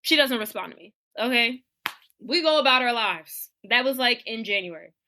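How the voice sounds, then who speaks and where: Young woman podcast co-host, animated and profane, bright sharp voice, higher pitch, dry close sound; casual storyteller. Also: moderate pace. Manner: animated storyteller, swears freely.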